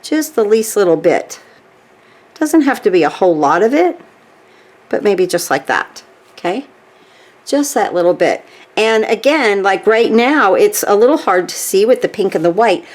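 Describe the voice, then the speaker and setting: A woman's voice: mid-range voice, expressive, unhurried. A woman demonstrating a stitching craft step by step, chatty, checking in with "okay?" as she works. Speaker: craft tutorial host.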